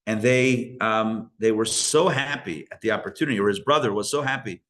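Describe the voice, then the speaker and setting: With a lowish voice and a fairly quick pace, a man leads a live Torah class as a rabbi, telling a story in an animated, conversational style. He often restarts his sentences and mixes in Yiddish and Hebrew religious terms.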